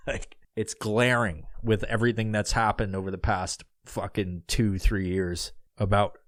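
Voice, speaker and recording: With a lowish voice, flat delivery and measured pace, this podcast host in his thirties sounds a bit bright on a recording without echo. He rambles casually through his solo outro, swearing a lot and using plenty of fillers.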